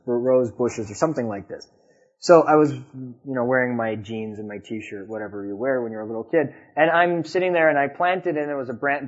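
A man giving a conversational sermon, telling anecdotes and asking the audience questions. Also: mid-range voice. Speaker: Islamic preacher. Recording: dull lo-fi recording.

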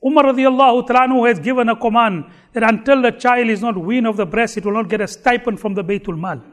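A man's voice: very high voice, fast. A man preaching a sermon, telling stories with emphatic repetition.

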